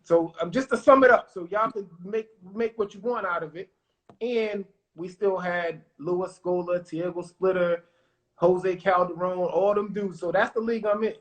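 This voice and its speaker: A man, a former pro basketball player, telling lively stories as a podcast guest and acting out what people said. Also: high-pitched, moderate pace. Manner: animated, acts out quotes, confident. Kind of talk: casual storytelling interview.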